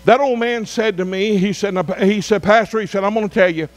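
Middle-aged pastor with a high voice, preaching a revival in drawn-out emphatic phrases. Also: male voice. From Arkansas. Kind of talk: revival sermon.

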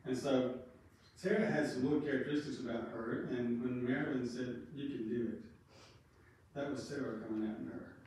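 A man's voice: mid-range voice, a little mellow, a little hiss or hum. A man giving a rambling, anecdotal eulogy at a funeral home. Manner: rambling, anecdotal, with frequent fillers. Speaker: funeral speaker. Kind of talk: folksy eulogy storytelling. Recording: very echoey room, distant mic.

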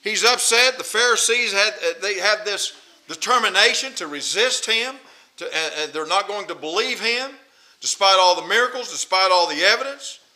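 A man's voice: sits high, animated, normal speed, pushed and bright, rough recording. A man preaching a sermon, emphatic and repetitive, who presses his points with rhetorical questions. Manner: emphatic, repeats phrases, asks rhetorical questions.

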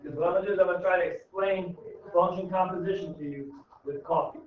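A man teaches a high school math lesson in a loose, informal way, checking in with the class constantly. His voice sits a little high. The sound is tinny and distant, caught from across an echoey classroom. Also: steady tone, fast talker, background noise. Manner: informal, repeats "okay?" to check understanding. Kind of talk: classroom lecture. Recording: echoey room, tinny far-off mic.

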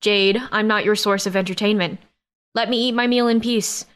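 A woman voicing an arrogant male alien nobleman and soldier in an audiobook, speaking slowly, curtly and commandingly. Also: medium pitch, fairly even intonation, a bit bright, clear, resonant tone, natural voice. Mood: irritated. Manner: slow, curt and commanding. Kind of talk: audiobook character voice.

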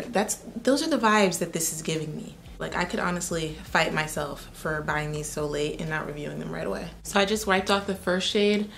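A woman's voice: on the low side, normal speed, gravelly, few pauses, slight background noise. A young woman doing a casual, chatty makeup try-on review, with sassy asides. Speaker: beauty vlogger.

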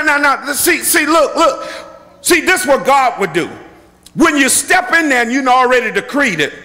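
A man preaching a sermon as bishop and pastor in a church, emphatic and repetitive, breaking into shouts. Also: extremely high pitch. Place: church sanctuary. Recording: long hall reverb from a church.

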